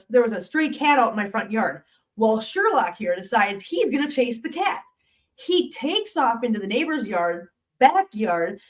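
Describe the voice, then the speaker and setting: A woman's voice: high-pitched, distant mic. A woman hosting a live stream, chatting casually and telling rambling stories, cooing sweetly to her cats now and then. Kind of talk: casual chat to viewers. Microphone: laptop mic.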